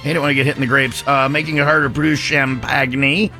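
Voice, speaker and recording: A man's voice: mid-range voice, little pitch movement, quick pace, vocal fry, sharp tone, faint music behind. A middle-aged man hosting a morning radio show in casual chat, jokey and rambling as he riffs on the news. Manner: jokey, rambling, self-mocking.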